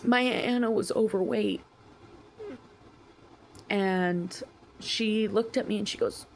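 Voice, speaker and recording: A young woman vlogging a personal story, slow and emotional, sometimes dropping to a whisper. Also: mid-range voice, slight background noise, low-quality recording.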